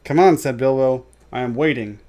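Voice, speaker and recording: A man voicing a small, nervous hobbit who puts on a loud, bold tone while reading a storybook aloud. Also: mid-range voice, normal speed, natural voice. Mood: forced bold. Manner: loud, forced cheer. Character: small anxious hobbit trying to sound bold.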